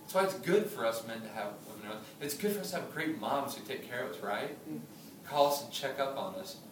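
A man in his thirties preaching a sermon, chatty and humorous, telling stories with lively asides. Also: medium pitch, brisk, slight background noise. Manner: conversational preaching, humorous asides, animated storytelling. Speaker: pastor. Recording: echoey room from a distance.

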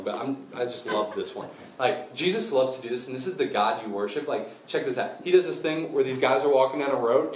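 A man preaching a sermon, telling a Bible story with lively acted-out voices and then slowing into quiet, intense appeals. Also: medium pitch, a little hiss or hum. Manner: animated storytelling, acting out quotes, dropping to quiet intensity. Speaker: pastor. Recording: roomy and distant with faint ambience.

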